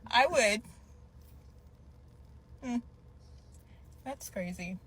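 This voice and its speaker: A woman in a casual confessional video, gushing in an animated, playful way with long drawn-out exclamations. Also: on the high side, a little hiss or hum. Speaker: woman in a reacted-to clip.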